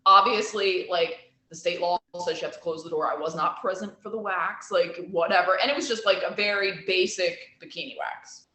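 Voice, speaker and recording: A woman's voice: on the low side, fairly even intonation, moderate pace, few pauses, pushed and bright. A woman who runs a salon, telling stories in a blunt, profane, casual chat. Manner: blunt and profane, storytelling with acted quotes. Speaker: salon owner and esthetician. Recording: roomy echo.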